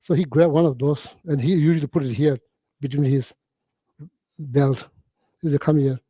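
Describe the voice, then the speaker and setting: A man giving a Buddhist teaching, telling stories in halting, repetitive phrases with many "you know"s and frequent throat-clearing. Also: on the high side, no echo, lo-fi sound. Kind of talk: storytelling dharma talk.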